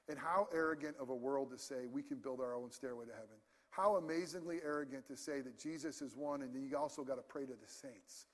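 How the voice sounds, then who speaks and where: High-voiced pastor preaching in a hall. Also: male voice, normal speed. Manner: passionate, emphatic, conversational preaching. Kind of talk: sermon. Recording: long hall reverb.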